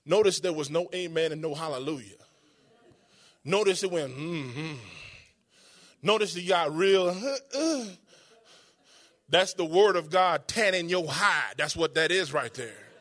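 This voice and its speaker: A man preaching a sermon in an emphatic, conversational way, slowing down for quoted scripture and pausing for effect. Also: fairly high pitch, a bit bright.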